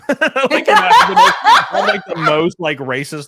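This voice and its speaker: A man's voice: mid-range voice, very animated, a little fast. A man in his thirties streaming a casual chat, crude and joking, laughing often and throwing in silly voices. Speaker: streamer host.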